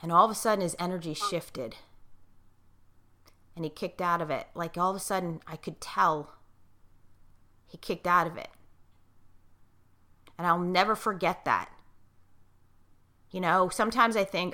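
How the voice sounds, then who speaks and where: A middle-aged woman with a lowish, bright and forceful voice talks in a casual, coaching way. She leans on her key words and keeps checking that her listener follows. When she tells a personal story she gets choked up. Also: measured pace, long pauses. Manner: gets choked up while telling a moving story.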